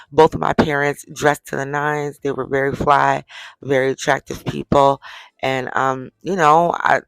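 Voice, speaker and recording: A middle-aged woman vlogger, at home winding down for bed, chats casually to her viewers and tells a story from her day. Her voice is deep, and the recording is dry and rough.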